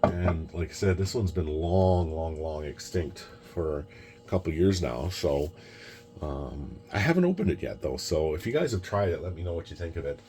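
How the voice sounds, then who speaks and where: Deep-voiced man chatting casually. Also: expressive, moderate pace, warm tone. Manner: rambling, repeats words, acts out dialogue. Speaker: whisky collector vlogger. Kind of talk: casual chat.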